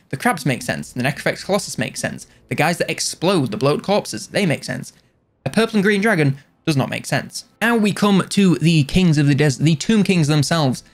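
A man giving casual, jokey video game commentary, rambling and correcting himself along the way. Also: fairly high pitch.

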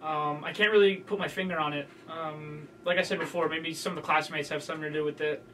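A teenage high school student being interviewed in class, with a hesitant way of talking full of fillers. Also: male voice, steady tone, fast talker, a bit bright, a little hiss or hum. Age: late teens. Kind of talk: casual interview.

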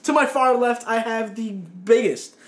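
A man's voice: very high voice, measured pace. A man hosting a casual gaming chat, rambling and often repeating words as he restarts his sentences. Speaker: host.

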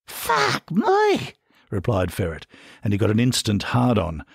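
A man's voice: fairly low pitch, fairly quick, gravelly, darkish tone, breathy edge, no room sound, studio quality. Australian man narrating an audiobook.

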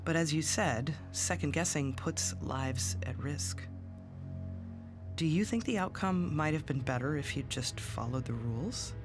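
An actor voicing a calm interviewer in a game who asks measured, pointed questions. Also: male voice, fairly high pitch. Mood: probing. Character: calm male inquiry interviewer, probing. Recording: game audio with music underneath.

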